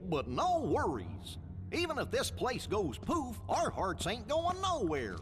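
A man's voice: sits high, huge pitch swings, measured pace, noisy background, exaggerated voice. An actor playing a good-natured, goofy male dog knight in a video game, with a dopey drawl. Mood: reassuring.

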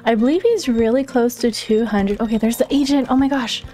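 A young woman narrates her gameplay in an excitable, gasping, giggly way, keeping her voice low. Her voice sits fairly high, and soft background music runs faintly under it. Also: fairly quick. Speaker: gaming channel host. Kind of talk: casual gameplay commentary.

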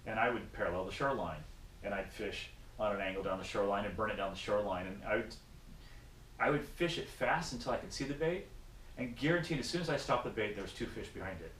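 A man's voice: fairly low pitch, quick pace. Guy telling fishing stories in a car, echoey, kinda far from the camera. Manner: animated storyteller, acts out voices. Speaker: guest angler. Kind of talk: casual fishing chat. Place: in a car on the road. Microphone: action camera. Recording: echoey and distant, faint noise.

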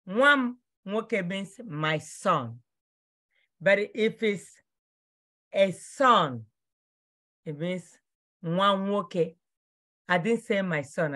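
A woman teaching vocabulary, drilling each word slowly and repeating it for pronunciation. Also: mid-range voice, bright, forceful tone. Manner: slow, repetitive drilling of words for pronunciation. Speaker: language teacher. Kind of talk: vocabulary lesson.

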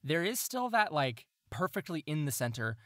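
A man running a tabletop game as game master, narrating scenes with relaxed pacing, frequent fillers and restarts. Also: on the high side, normal speed, dry recording, clean studio sound.

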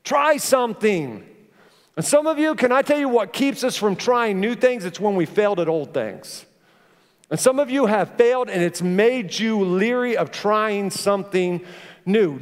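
A middle-aged pastor with a high voice preaches to his congregation, mixing lively stories with pointed questions. His words ring out through a large church auditorium with a long, trailing reverb. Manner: animated storytelling with direct questions to the congregation. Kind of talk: sermon.

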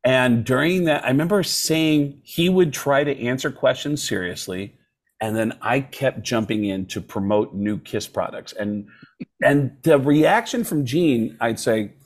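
A man in casual podcast conversation, telling stories with lively energy and dropping into quick impressions. His voice sits at a middle male pitch. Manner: animated storyteller who slips into voices. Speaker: comedian guest.

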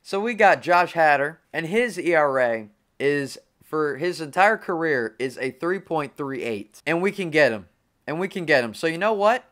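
A young man giving casual, excitable commentary over a sports video game, talking to himself and complaining when things go wrong. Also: fairly high pitch, normal speed. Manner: excitable, frustrated, talks to himself. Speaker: gaming channel host.

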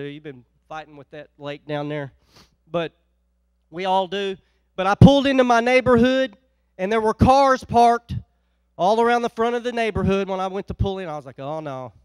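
A male pastor preaching a sermon, telling a folksy story and swinging from loud exhortation to quiet, chatty asides. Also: sits high, smooth, no room sound. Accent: Northeast Ohio.

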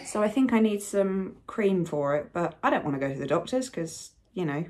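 A woman's voice: on the low side, expressive, moderate pace, darkish tone. Frank, rambling woman vlogging at home. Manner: rambling, frank, sweary, talks in baby voice to her child. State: unwell, hiccups. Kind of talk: casual vlog chat.

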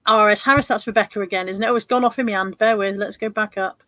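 A woman's voice: mid-range voice, steady tone, fast talker, sharp tone, no room sound. A woman hosting a casual live stream, chatty and wry as she reels off viewer greetings.

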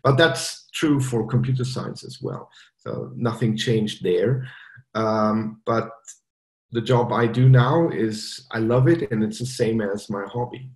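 A man's voice: lowish voice, takes it slowly. German guy w/ accent, laid back, lots of uhs, roomy echo. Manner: relaxed, hesitant with many fillers and restarts. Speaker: guest developer. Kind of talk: casual interview chat.

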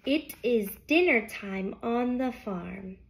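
Woman teacher, young adult, sing-song read-aloud, slow and unhurried. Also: animated. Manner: slow, sing-song storybook reading with big pitch swings. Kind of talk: reading a picture book aloud to young children.

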